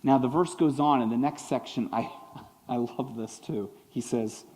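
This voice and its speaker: A man preaching a sermon as pastor, animated, acting out quotes and swinging between loud and soft. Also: medium pitch, a little slow, long reverb tail, low-quality recording. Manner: animated, acts out voices and quotes, big swings in loudness.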